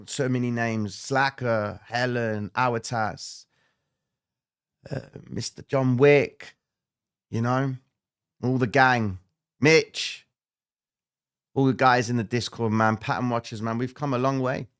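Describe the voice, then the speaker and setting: A man at a middle pitch hosts a live trading stream, speaking casually and directly to his viewers. His delivery is animated and emphatic, with slangy asides. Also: slow, long pauses, clean tone. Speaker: trading livestream host. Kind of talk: casual livestream talk to viewers.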